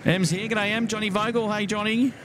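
An Australian man talks easily as he hosts a night-time live stream from a waterfront jetty. He greets viewers one by one in a relaxed, conversational way, with frequent fillers and restarts. A faint outdoor noise sits behind his voice. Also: high voice, brisk. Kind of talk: casual live stream chat.

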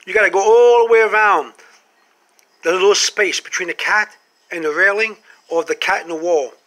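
A man with a high, bright voice delivers an animated comic monologue straight to camera. He keeps firing rhetorical questions and pauses for effect. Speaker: vlogger.

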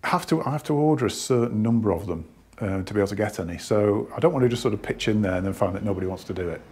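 A man's voice: lowish voice, expressive, very fast, a little mellow, breathy edge. A man who runs a hi-fi shop, talking casually to camera about turntables, rambling and restarting often, out of breath. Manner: rambling, hesitant, many restarts. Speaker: hi-fi shop owner. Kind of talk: casual product talk to camera.

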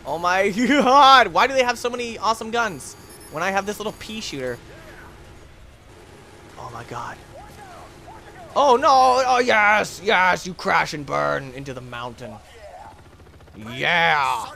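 A man hosting a let's play, commentating his own game with excitable jokes and yelps. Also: fairly high pitch, a little slow, vocal fry, pauses often, slight background noise. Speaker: gaming channel host.

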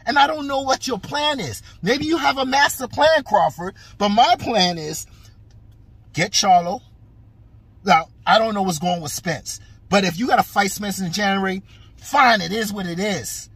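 A man in a heated, frustrated, profane rant about boxing, emphatic and forceful. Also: sits high, moderate pace, breathy edge, no echo. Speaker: boxing commentator.

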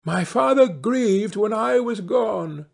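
A man's voice: sits high, expressive, slow pace, creaky, pitched above the performer's own voice, exaggerated voice. A man voicing a murdered little boy reborn as a bird, chanting his song in a sing-song way.

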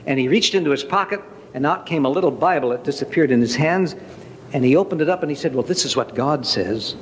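An older man giving a testimony from the pulpit, telling his story in a lively, dramatic way. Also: a little high, fast talker. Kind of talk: sermon storytelling. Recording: long hall reverb, faint noise.

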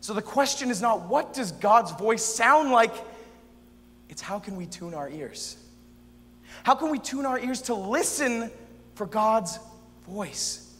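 Guy doing a spoken-word piece, swings soft to loud, high-ish voice, big echoey hall with a faint hum. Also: takes it slowly, long pauses. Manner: expressive, shifts between soft and loud. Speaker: performer in a youth event drama sketch. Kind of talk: dramatic spoken-word monologue.

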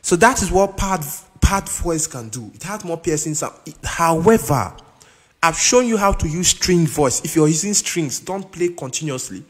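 A man teaching keyboard in a casual, halting way, often stopping to check that the listener understands. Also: on the high side, expressive, breathy edge. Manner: keeps checking in with "you understand?"; halting, with restarts and repeated words. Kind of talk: casual instructional talk. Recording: long reverb with keyboard music behind.

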